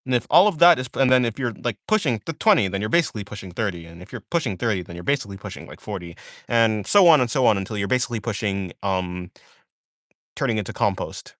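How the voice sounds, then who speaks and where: A man's voice: lowish voice, animated, fast talker, a bit bright, no room sound, studio quality. Drowsy, rambling young man streamer. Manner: rambling, drowsy, trailing off into mumbles. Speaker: art streamer. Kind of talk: casual live-stream chat while drawing.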